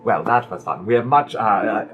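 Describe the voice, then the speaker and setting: Man doing a polite tavern matron, prim and formal, softer and lower than his narration. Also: animated, narrow, tinny audio, soft background music, close to an everyday voice. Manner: prim, formal, slow and soft. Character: genteel older woman tavern manager, polite.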